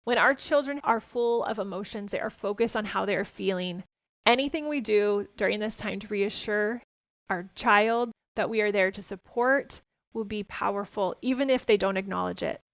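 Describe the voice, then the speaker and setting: A woman hosting a parenting podcast, talking gently and earnestly as she gives advice and tells stories from home. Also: medium pitch, normal speed, no room sound.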